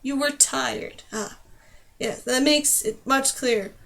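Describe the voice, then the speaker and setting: An excitable male mage in a fantasy audiobook, put on by a woman narrator, who scolds loudly and turns sarcastic when he calms down. The voice stays high and bright with exasperation. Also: slow pace, gravelly, exaggerated voice.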